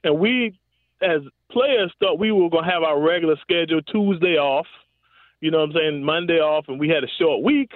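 A man's voice: a little high, moderate pace, no echo. Chatty ex-athlete man on a tinny line. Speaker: former pro football receiver, guest. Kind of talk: casual storytelling interview. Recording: dry, tinny phone-like line.

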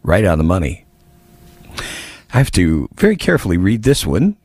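A man's voice: low voice, wildly swooping pitch, normal speed, a little mellow, slightly rough, no room sound. A man hosting a political talk radio show, reading listener messages with wry asides.

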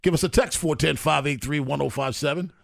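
A man hosting a sports radio show, briskly running segments and reading out the call-in number. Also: a little high, gravelly, no room sound, studio quality.

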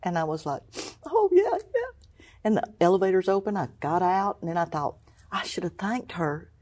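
A middle-aged woman, a cancer survivor appearing as an interview guest, shares an emotional testimony of faith in a lowish, brisk voice. She acts out what people said, swinging between hushed tones and excited exclamations.

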